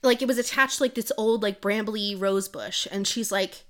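A woman's voice: mid-range voice, normal speed. A young woman co-hosting a podcast, retelling a novel's plot in a rambling casual way full of "like". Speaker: podcast co-host. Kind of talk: casual book-recap chat.

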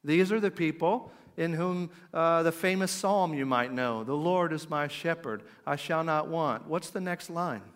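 A middle-aged man preaching a conversational sermon, asking his listeners questions and dropping to a quiet, slow voice for emphasis. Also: a little high. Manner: conversational, asks the audience questions. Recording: long hall reverb.

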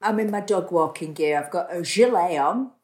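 Low-voiced woman, wry and understated. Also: expressive, normal speed, darkish tone. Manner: understated, wry and self-deprecating. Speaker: podcast guest. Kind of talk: casual chat. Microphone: video call.

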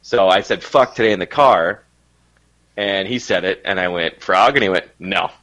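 A man's voice: low-pitched, normal speed, fairly bright tone. A young man and co-host, telling a story in casual chat with chuckles. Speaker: podcast co-host.

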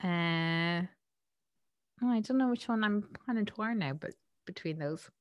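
A woman's voice: medium pitch, lively intonation, unhurried, smooth, no room sound, lo-fi sound. A woman from Ireland co-hosting a podcast, chatting casually with lots of fillers and some swearing. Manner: rambling with many fillers and swearing. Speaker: podcast co-host. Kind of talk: casual chat.

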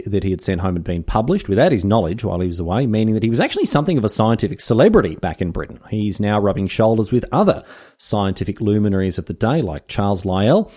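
A man's voice: fairly low pitch, very animated, quick pace, warm tone. An Australian man hosting a history podcast, telling the story in a casual, jokey, slangy way. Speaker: podcast host.

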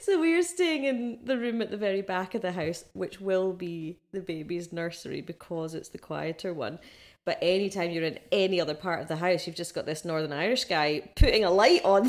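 A pregnant woman co-hosting a casual podcast, telling animated stories and laughing often. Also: mid-range voice. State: six months pregnant. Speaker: co-host.

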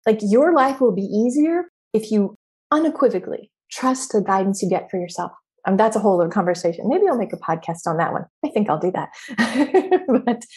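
Woman, middle-aged, podcast host, spiritual coaching chat, animated, swearing, voices her own thoughts. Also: medium pitch. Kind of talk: casual spiritual coaching talk.

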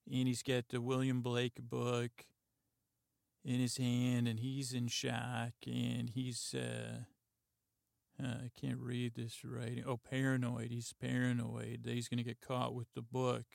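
A man hosting a podcast, softly retelling a TV episode in a halting, meandering way full of "uh" and "like". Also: mid-range voice, monotone, creaky, clear, resonant tone, no echo, studio quality. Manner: halting, lots of "uh" and "like", quiet and meandering. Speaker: podcast host. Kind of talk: rambling sleepy retelling of a TV episode.

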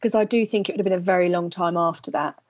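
Chatty actress guest, halting storyteller. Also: female voice, fairly low pitch, darkish tone, no echo. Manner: halting, repeats herself, storytelling with laughter. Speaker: podcast guest, actress and comedian. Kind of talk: casual interview chat.

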